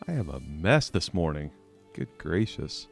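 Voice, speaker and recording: A man's voice: very deep voice, very animated, unhurried, vocal fry, faint music behind. A young man chatting his way through a live game stream, laughing and mocking his own mistakes.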